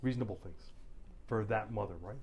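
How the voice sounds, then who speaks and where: Quick-talking cop at a community hall, acts out the voices in his story. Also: on the low side, creaky, muffled recording, slight background noise. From Canada. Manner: animated storytelling, acting out voices. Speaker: police officer speaker. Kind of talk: community town hall talk.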